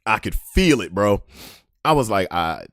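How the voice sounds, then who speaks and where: Animated man telling a story. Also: on the low side, measured pace, no echo, clean studio sound. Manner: animated, acts out voices, swings from hushed to yelling. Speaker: podcast host.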